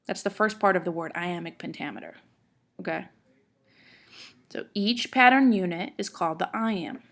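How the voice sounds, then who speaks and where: This is a poetry lecture given by a woman with a lowish voice at a normal speed. Going step by step, she checks in with the class and reads verse aloud, stressing the beats clearly.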